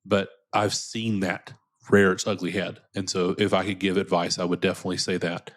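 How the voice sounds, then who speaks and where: A man with a fairly low voice talks candidly as an interview guest. He is earnest and unpolished, and he often restarts and repeats his words as he gathers his thoughts. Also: flat delivery, fairly quick, a bit bright. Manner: earnest, repeats words when starting sentences.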